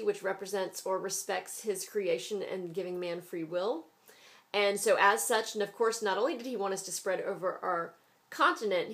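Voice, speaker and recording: An American woman teaching a history lesson in a conversational way, with frequent ums. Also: mid-range voice. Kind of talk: recorded classroom lecture.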